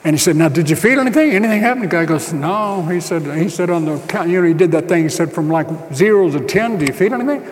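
A man preaching a sermon, telling a story with acted-out dialogue and rising to shouts. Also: high-pitched, animated, fast, few pauses, big-room sound, a little hiss or hum. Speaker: pastor.

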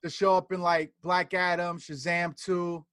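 A man's voice: high-pitched, flat delivery, measured pace, fairly bright tone, no room sound. A man co-hosting a casual podcast chat, rambling and hesitant as he works through notes. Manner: rambling, hesitant, fillers while reading notes. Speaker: podcast co-host. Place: podcast studio in Atlanta.

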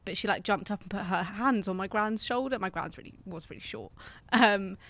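A young woman from England chatting casually, rambling with lots of fillers and slipping into soft, quiet asides. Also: mid-range voice, fairly quick, gravelly, no room sound. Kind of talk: casual chat.

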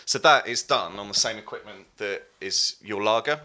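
A man's voice: lowish voice, moderate pace. A man in casual podcast chat, explaining things at length with lots of ums and hesitations. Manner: relaxed, explains with many ums. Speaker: beer-bringing podcast guest.

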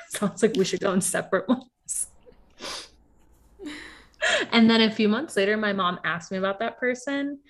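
A woman chatting casually as a podcast co-host, her voice sitting a little low. She strings thoughts together with plenty of fillers. She leaps into animated quotes of other people. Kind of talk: casual reality-TV recap chat.

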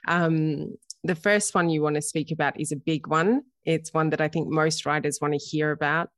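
A woman hosting an interview, speaking in a gentle, measured and supportive way. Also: low voice, steady tone, dry recording. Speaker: podcast host. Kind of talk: interview conversation.

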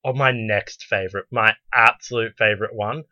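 A man's voice: fairly low pitch, fairly even intonation, moderate pace, bright, forceful tone, no room sound. A man co-hosting a casual podcast chat, telling blunt, joking stories with lots of animation. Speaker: podcast co-host. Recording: dull lo-fi recording.

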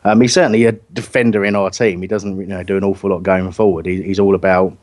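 A man's voice: low voice, little pitch movement, fast talker, a little mellow. A man hosting a casual football chat, rambling and laughing often. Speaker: podcast host.

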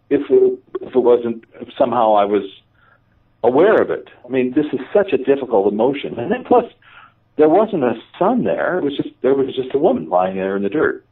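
A man, a radio interview guest, telling a personal story in a lively, self-mocking way and acting out the dialogue. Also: medium pitch, normal speed, recorded from a distance. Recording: tinny phone line, off-mic.

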